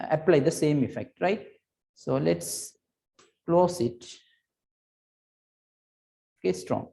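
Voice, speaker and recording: Mellow-voiced male teacher, patient and repetitive. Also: medium pitch, creaky. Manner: patient, repetitive explaining with frequent checks like "right?" and "okay". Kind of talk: recorded computer lesson.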